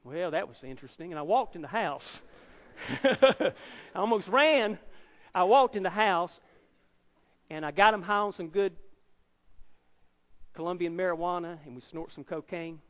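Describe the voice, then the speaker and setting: Speaking a little slowly and pausing often, a high-voiced evangelist in his fifties preaches his testimony in an animated, dramatic, emphatic way. A long, trailing reverb carries his voice through the large auditorium.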